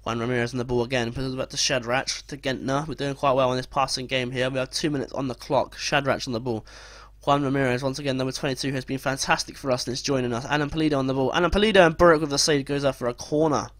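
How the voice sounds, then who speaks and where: Young guy doing football game commentary, rattles off names, yells and swears when it goes wrong, dry recording. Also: medium pitch, level tone, no room sound. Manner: rapid play-by-play, swings into loud swearing outbursts. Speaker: gaming commentator. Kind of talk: let's play commentary of a football sim.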